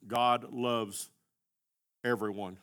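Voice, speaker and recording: Middle-aged male pastor, fervent sermon delivery, bright tone. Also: mid-range voice, fairly even intonation, drawn-out words. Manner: impassioned, shouting at peaks.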